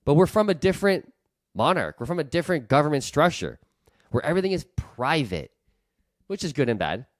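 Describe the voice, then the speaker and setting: A man's voice: a little high, big pitch swings, a little fast, no echo. A man, a real estate investor hosting his own channel, giving blunt, ranting opinion commentary. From Canada.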